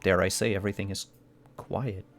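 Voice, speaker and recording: Low-voiced man narrating as game master. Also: steady tone, creaky, slight background noise. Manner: measured, descriptive narration with fillers.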